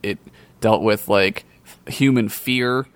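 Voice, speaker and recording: A young man co-hosting a casual podcast, talking haltingly with lots of "like" and agreeing often. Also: lowish voice, dry recording. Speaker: podcast co-host.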